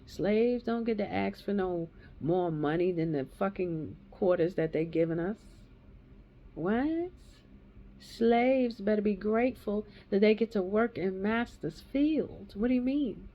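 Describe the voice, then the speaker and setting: A woman in her thirties or forties, medium-pitched and unhurried with few pauses, gives a raw and angry personal testimony. She rants heatedly and swears heavily, captured in a dull lo-fi recording.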